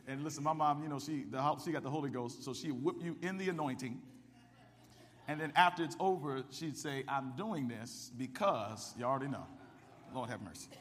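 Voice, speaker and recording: A male pastor preaching a sermon from the pulpit, calling on the congregation to answer back and building up to shouts. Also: medium pitch, normal speed, in a large hall, a little hiss or hum. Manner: call-and-response preaching, rising to shouts. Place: church sanctuary. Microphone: microphone with ring.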